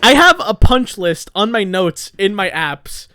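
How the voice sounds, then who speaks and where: A man's voice: high-pitched, sing-song, unhurried, bright, forceful tone, clean tone. A young man co-hosting a podcast in casual chat, rambling through stories, laughing often and acting out his friends' lines. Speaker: podcast co-host.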